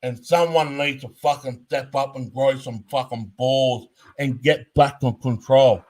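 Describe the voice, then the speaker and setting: A man's voice: medium pitch, fairly even intonation, unhurried, darkish tone. A man giving a heated, blunt commentary rant, swearing constantly and hammering his points. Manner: profane, blunt and emphatic.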